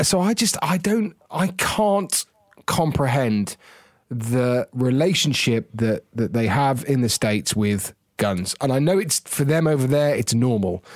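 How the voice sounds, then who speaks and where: A man's voice: mid-range voice, no echo. Emphatic Englishman, dry close sound. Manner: emphatic, stammering restarts, blunt. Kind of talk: casual chat.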